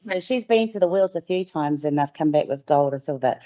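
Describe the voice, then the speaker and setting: A woman's voice: deep voice, lively intonation, brisk, dark tone. A woman with a New Zealand accent giving an enthusiastic, chatty report at a council meeting. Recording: dull lo-fi meeting recording.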